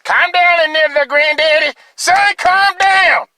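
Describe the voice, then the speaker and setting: A man putting on a very high, mock-scolding voice that tells a grandson to calm down. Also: measured pace, full character voice. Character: shrill scolding voice calming a grandson.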